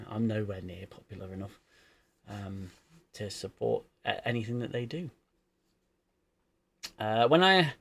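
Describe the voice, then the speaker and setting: A man's voice: mid-range voice, creaky, fairly bright tone, no room sound. A man hosting a casual livestream chat, hesitant and self-deprecating, often restarting his sentences. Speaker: livestream host.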